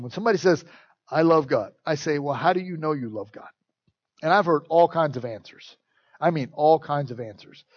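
A middle-aged male pastor preaching a sermon, animated and playful, acting out quoted voices and joking with his congregation. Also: high voice, no room sound, dull audio.

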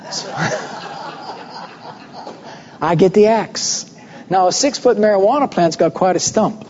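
A man preaching a sermon, telling a personal story with animated voices for the people in it. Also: sits high, measured pace, long pauses. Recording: muffled recording with long hall reverb.

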